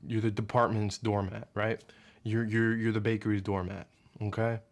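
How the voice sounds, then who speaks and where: A man's voice: on the low side, little pitch movement, moderate pace. A young man ranting casually to camera as a vlogger, rambling and profane, often losing his train of thought. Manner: acts out his boss in a hushed mock voice.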